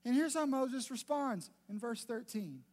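High-voiced, emphatic man preaching. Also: animated, measured pace, a little mellow. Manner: conversational, emphatic, repeats phrases for stress. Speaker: pastor. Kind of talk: sermon.

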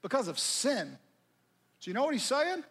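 Casual middle-aged guy preaching, super animated, drops to a hush a lot. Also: very high-pitched, normal speed, slightly rough. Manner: conversational, dramatic, swinging from loud to near-whisper. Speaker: pastor. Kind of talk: sermon.

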